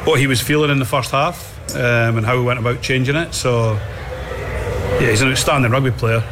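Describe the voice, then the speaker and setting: A man speaking as a rugby coach, giving measured, reflective comments to the press. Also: medium pitch, fairly even intonation, noisy background. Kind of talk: post-match press comments.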